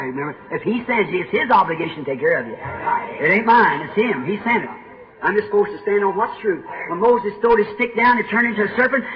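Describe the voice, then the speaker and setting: A man preaching a sermon, telling stories dramatically and swinging from hushed to shouting. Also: sits high. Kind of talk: sermon storytelling. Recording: old echoey lo-fi sermon tape.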